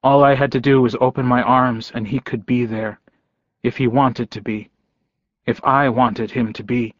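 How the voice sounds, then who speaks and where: A man reading a first-person audiobook in an unhurried, measured manner. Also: medium pitch, steady tone, no echo, dull audio. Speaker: audiobook narrator.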